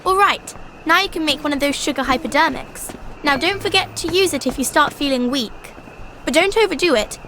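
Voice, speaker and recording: A woman's voice: high voice, brisk. An actress voicing a dry, teasing young woman in a video game. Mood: calm. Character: wry young woman, companion. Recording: noisy game audio.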